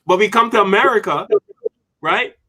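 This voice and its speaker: A man hosting a casual panel discussion, animated and reading viewer comments aloud. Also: high-pitched, moderate pace, no echo, low-quality recording. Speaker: show host.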